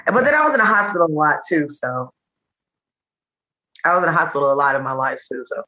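A woman from Chattanooga, a comedian guest telling animated, jokey stories in casual chat. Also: low voice. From Chattanooga, Tennessee. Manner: animated, jokey, rapid bursts. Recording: dull lo-fi sound.

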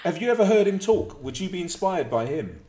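A man's voice: sits high, big pitch swings, fairly quick, warm tone, echoey room. Laughing, teasing English man. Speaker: podcast co-host. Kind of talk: casual banter.

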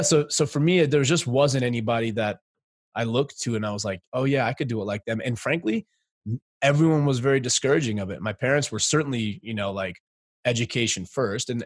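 A man in his forties, a guest entrepreneur telling his story in a casual interview, animated, laughing often, with many fillers. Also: mid-range voice, no room sound, clean studio sound.

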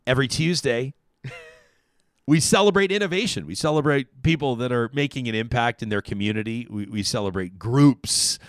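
A man hosting a talk radio show, reading live ads and joking with his co-host in an upbeat pitchman style. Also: moderate pace, dry recording. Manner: upbeat, jokey pitchman delivery.

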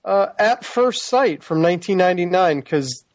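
A man's voice: high voice, lively intonation, moderate pace, no echo. Wry man reading release list. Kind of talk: casual chat about movie releases.

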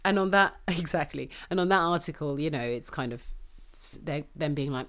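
A woman's voice: low voice, fairly quick, hardly any pauses. Passionate, sweary woman co-host. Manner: swears freely, passionate and animated. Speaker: podcast co-host. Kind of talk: heated casual conversation.

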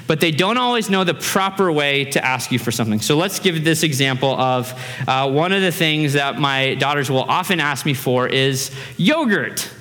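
Lively bright-voiced male pastor preaching. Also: fairly high pitch, moderate pace. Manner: animated, conversational, acts out voices in anecdotes. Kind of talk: sermon. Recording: reverberant hall.

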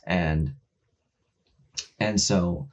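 A man in casual chat retelling a video game story, rambling and profane, with many fillers, acting out the characters' lines and getting loud and excited when he makes a point. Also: low-pitched, extremely slow, dull audio.

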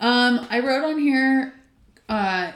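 A woman co-hosting a podcast from California, chatting casually and laughing between quick asides. Her voice carries a noticeable room echo, like a bare space around the mic. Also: fairly high pitch, lively intonation. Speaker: podcast co-host. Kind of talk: casual chat.

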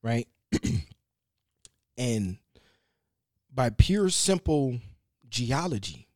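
A man spins a story in relaxed, slangy talk, cursing freely and often stopping to restart his sentences. His voice sits at an ordinary pitch for a man. The room is dry and close, with hardly any echo. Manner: loose and animated, with slang and cursing; halting, with frequent restarts. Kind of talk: casual conversational storytelling.

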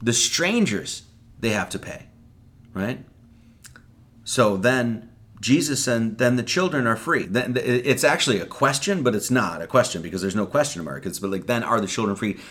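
Animated man giving a casual sermon. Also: mid-range voice, normal speed. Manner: conversational, acts out quoted lines, swears casually. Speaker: preacher. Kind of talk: casual Bible-study sermon.

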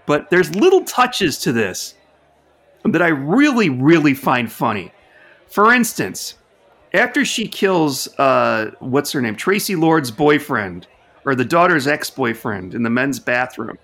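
A man who works as a lawyer, co-hosting a casual film podcast and retelling scenes with animated, laughing energy. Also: on the high side, measured pace.

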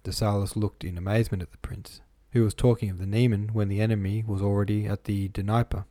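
A man narrating an audiobook in a measured, even reading voice, recorded close to the microphone. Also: fairly low pitch, dry recording.

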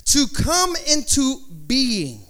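High-voiced man preaching a lively sermon. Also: slow pace. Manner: animated and conversational, joking asides; slips into playful put-on accents in quotes. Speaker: pastor.

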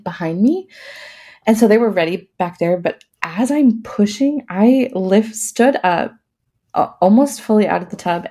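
A woman recounts a personal story as an interview guest, in a relaxed, chatty way full of fillers and laughs. Her voice is warm and mellow, with a gravelly fry at the ends of phrases. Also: mid-range voice. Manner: laughs often while talking; casual, many fillers. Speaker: podcast guest.

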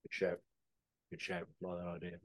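A man's voice: deep voice, monotone, moderate pace, fairly bright tone. A man co-hosting a podcast, bantering crudely and laughing as he reads out listener answers. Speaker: podcast co-host.

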